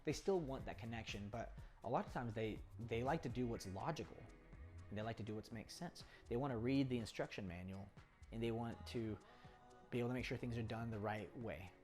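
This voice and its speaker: A man's voice: medium pitch, fairly quick, a little mellow, soft background music. A young man explaining personality types in a casual, rambling way, often laughing and restarting sentences. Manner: chatty, rambling, laughs often, acts out quoted people. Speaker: poker coach. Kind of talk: casual talking-head explainer.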